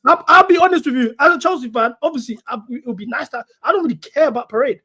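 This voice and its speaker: A man's voice: very high voice, fast, bright, forceful tone, no echo, studio quality. A man with a London accent trading mock-indignant football banter as a guest pundit. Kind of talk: casual banter.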